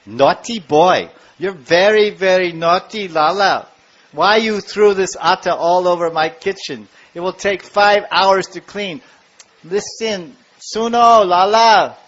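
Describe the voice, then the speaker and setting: A man's voice: high voice, slow, fairly bright tone, pitched above the performer's own voice. A man voicing a mother scolding her naughty little boy, in a dull lo-fi recording. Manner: exasperated, scolding.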